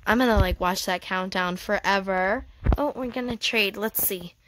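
A woman giving casual, excitable gameplay commentary, gushing and giggly as she thinks aloud. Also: medium pitch, normal speed, background noise. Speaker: gaming channel host.

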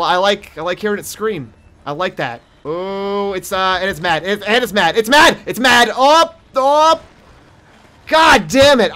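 A young man giving let's play commentary on a horror game, jumpy and profane, yelling at monsters and taunting them. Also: sits high. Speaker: gaming streamer.

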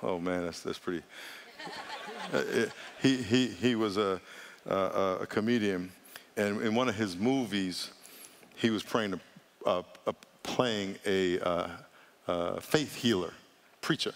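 A man's voice: unhurried, pauses often. Male pastor preaching in a reverberant church. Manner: animated preaching, voice jumps high for mock voices. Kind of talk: sermon. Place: large church auditorium. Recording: long hall reverb.

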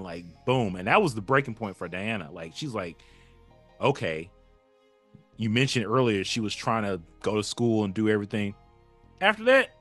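A man as a podcast guest, recapping a story in a lively way and acting out what characters said. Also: medium pitch. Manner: lively storytelling that acts out characters' lines, laughs often. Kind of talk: casual chat.

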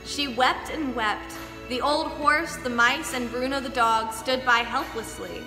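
A young woman dance teacher reading a storybook aloud to children, lively and expressive. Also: sits high, measured pace. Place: dance studio. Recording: echoey studio hall, faint music.

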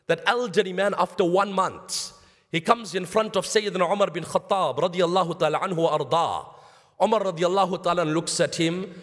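A high-pitched man with a South African accent delivers a sermon, telling stories and calling his listeners brothers while slipping in Arabic phrases. His voice rings through the long reverb of a mosque hall. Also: a little fast. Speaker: Islamic lecturer.

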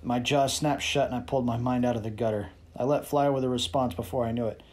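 A man's voice: mid-range voice, steady tone, fast talker, darkish tone. A man reading a first-person novel aloud as narrator, in a wry, sarcastic and boastful manner.

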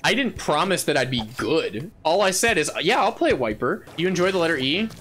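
A playful male game streamer with a bright, forceful voice that swings widely as he jokes and laughs his way through a match. He chatters casually to his viewers and bursts into yells at his wins. Faint music plays behind him. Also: fairly high pitch, sing-song, a little fast. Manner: playful and goofy, laughing often and yelling at wins. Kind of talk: casual live gameplay chatter.

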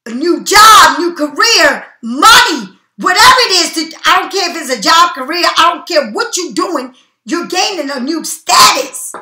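A woman's voice: extremely high pitch, very animated, normal speed, sharp tone. A woman giving a tarot reading in a blunt, profane, preachy and emphatic way. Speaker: tarot card reader. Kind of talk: casual tarot reading monologue. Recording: echoey room.

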